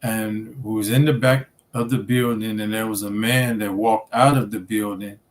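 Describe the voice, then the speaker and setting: A man, a student minister, talking as a guest in a casual storytelling interview, relaxed and conversational with many fillers. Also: fairly low pitch, moderate pace, slight background noise.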